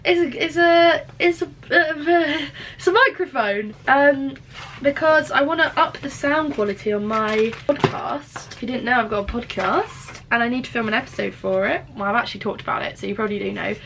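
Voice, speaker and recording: Young woman vlogger, high-pitched, sweary deadpan jokes, phone-recorded with background traffic noise. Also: fairly quick, gravelly, low-quality recording. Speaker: vlogger and podcaster. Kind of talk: casual day-in-my-life vlog talk to camera. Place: in a car, then outdoors walking, then at home.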